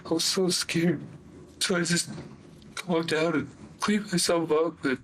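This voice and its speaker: A man confessing in a police interview, talking in a halting, rambling way full of fillers. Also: on the high side, fairly even intonation, a bit bright, slight background noise, poor audio. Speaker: suspect confessing.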